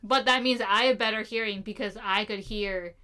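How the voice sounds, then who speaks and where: A woman's voice: mid-range voice, fairly even intonation, normal speed, sharp tone, smooth. A young woman in casual, jokey chat with a friend, often laughing and teasing herself, with a slightly nasal voice. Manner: giggly, jokey, self-deprecating.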